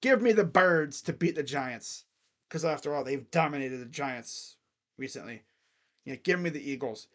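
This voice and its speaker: A man hosting a football picks video, talking casually and excitably and thinking out loud. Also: mid-range voice, moderate pace. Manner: rambling, excitable, thinks aloud. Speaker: sports picks channel host.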